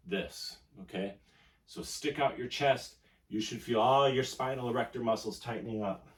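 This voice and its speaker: A man's voice: on the low side, a little mellow. A man instructing a home strength workout, talking through each move while he exercises. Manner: coaching, talks while exercising. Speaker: fitness instructor. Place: indoor home room. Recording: echoey room, distant mic.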